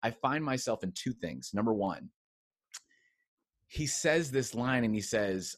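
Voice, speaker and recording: A man, a former pastor turned coach, telling his story as an interview guest in a casual, animated way, acting out quotes. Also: medium pitch, measured pace, long pauses, dry recording, clean studio sound. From United States. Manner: casual, expressive, acts out quotes with big swings.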